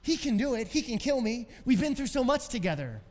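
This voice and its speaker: A man's voice: extremely high pitch, very animated, fairly quick, a little mellow, voice pushed up. A man voicing a male ogre that coaxes and begs desperately, heard with a long hall reverb. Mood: coaxing. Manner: wheedling, desperate, pleading. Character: snarling pleading male ogre, lust embodied.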